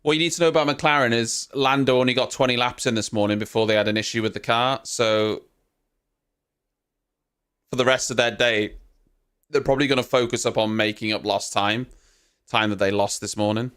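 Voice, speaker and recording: Chatty man with a smooth voice. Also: medium pitch, steady tone, fairly quick, fairly bright tone. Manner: chatty, teasing banter with viewers, casual swearing. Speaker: live-stream host. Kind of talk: casual live reaction commentary.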